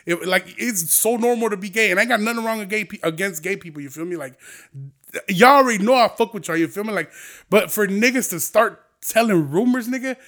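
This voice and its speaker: A man's voice: high voice, a little fast, a bit bright. A man hosting a podcast, delivering a heated, profane and rambling casual rant. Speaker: podcast host. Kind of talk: casual ranting monologue.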